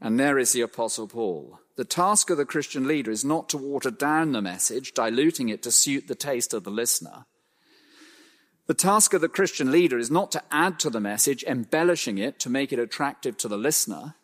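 A man preaching an expository sermon, emphatic, slowing to stress phrases and swinging his pitch widely. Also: lively intonation, big-room sound.

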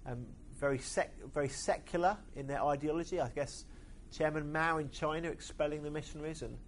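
A man preaching a sermon, pausing often with hesitant fillers. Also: on the high side, steady tone, a little hiss or hum.

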